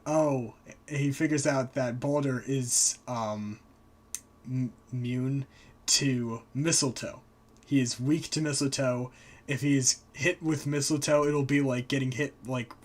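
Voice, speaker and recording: A man hosting a live stream, casually retelling myths and slipping into quick character voices. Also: mid-range voice. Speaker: host. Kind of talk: casual storytelling.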